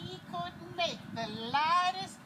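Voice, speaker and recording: A woman's voice: very high-pitched, animated, slow pace, exaggerated voice. A woman playing a folksy, proud freed slave woman who talks straight to her listeners, performing outdoors near a road. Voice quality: folksy dialect, chuckling, addresses listeners directly. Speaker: living history performer. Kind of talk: first-person historical character monologue. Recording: noisy outdoor recording with passing traffic.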